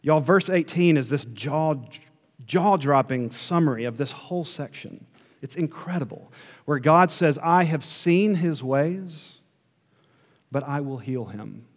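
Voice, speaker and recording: A man preaching a sermon as pastor, swinging between hushed asides and emphatic, rising passages. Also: medium pitch, long reverb tail.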